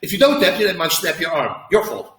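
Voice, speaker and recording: A man who is a former fighter, answering interview questions in an emphatic, animated way and acting out quotes as he tells stories. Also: on the high side, a little fast, echoey room, distant mic, poor audio.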